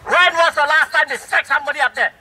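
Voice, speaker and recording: At an outdoor city rally, a middle-aged man with a Singaporean English accent gives a fiery, rhetorical speech scolding the government. His very high voice is fast, bright, and forceful, and the recording is rough.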